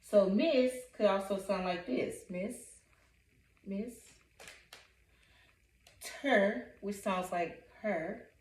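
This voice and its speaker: Slow, patient woman teaching phonics. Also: medium pitch, a little mellow. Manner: slow, patient, repeats each word syllable by syllable. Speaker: reading coach. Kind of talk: phonics lesson, sounding out words. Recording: echoey room, voice from a distance.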